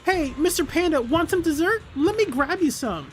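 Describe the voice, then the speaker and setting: A streamer voicing a peppy young female idol in a game, bouncy and excitable, over quiet music. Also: extremely high pitch, moderate pace, pitched above the performer's own voice. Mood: eager. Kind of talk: voicing game dialogue aloud.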